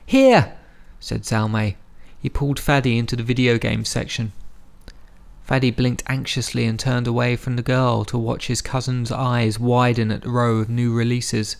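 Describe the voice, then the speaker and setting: Male audiobook narrator, measured delivery, gravelly texture, mid pitch. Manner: steady, measured storytelling.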